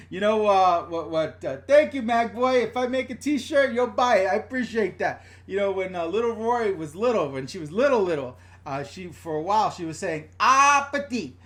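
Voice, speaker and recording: A middle-aged man from the New York and New Jersey area rants on a live stream from a room at home. His voice sits high for a man. He is blunt and chatty, swears freely and reads viewer comments aloud as he goes. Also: animated, moderate pace. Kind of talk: casual live-stream rant.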